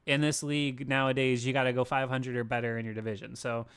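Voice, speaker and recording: A man co-hosting a casual sports podcast, animated and ranting, swearing freely as he talks through a schedule. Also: medium pitch, fast talker, clear, resonant tone. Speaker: podcast co-host.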